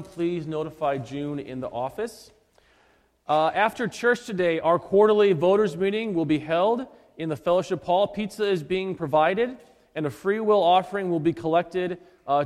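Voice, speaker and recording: Man, slightly high voice, church announcements, folksy asides, long church reverb. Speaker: pastor reading announcements and leading prayer. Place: church sanctuary.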